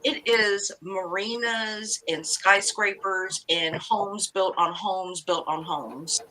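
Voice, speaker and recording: A woman from Hawaii telling stories in a casual group chat, chatty and quick to laugh. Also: medium pitch, bright, forceful tone, a little hiss or hum, poor audio. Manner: chatty storyteller, laughs often. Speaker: livestream co-host.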